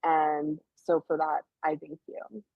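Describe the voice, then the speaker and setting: A woman's voice: deep voice, monotone, slow pace, vocal fry, dry recording, soft background music. A filmmaker woman speaking heartfelt and grateful in an interview over a video call. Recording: dull, lo-fi audio.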